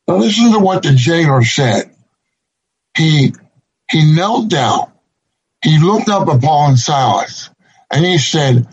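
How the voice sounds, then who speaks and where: A man preaching a sermon to his congregation, slow and deliberate, repeating key phrases for emphasis. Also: fairly high pitch, animated, husky. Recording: dull lo-fi recording.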